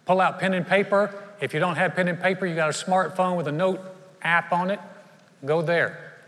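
A man's voice: sits high, fairly even intonation, normal speed, a bit bright. A male pastor preaching a sermon in an earnest, conversational way, speaking straight to his congregation with questions. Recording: long reverb of a large church hall.

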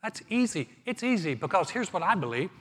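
A man preaching a sermon as pastor, reading scripture and then explaining it in a relaxed, conversational way with touches of humor. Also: high-pitched, fairly quick, slightly rough, big-room sound.

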